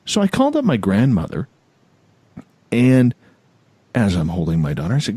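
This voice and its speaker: Low-voiced, animated male radio host. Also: normal speed, long pauses, breathy edge, no room sound. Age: 40s. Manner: animated storyteller, repeats phrases. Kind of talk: casual storytelling chat.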